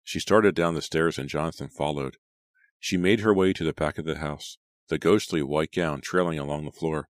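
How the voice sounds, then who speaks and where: A man narrates a horror novel in a measured storytelling manner. His voice is very deep and low. The recording is dry and close, with no room sound. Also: no echo. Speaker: audiobook narrator. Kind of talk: scripted narration.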